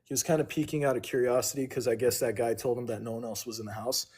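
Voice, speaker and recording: A man's voice: medium pitch, steady tone, fast, darkish tone, breathy edge. A man on a livestream casually telling a long, profane story and owning his mistakes. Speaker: livestream host.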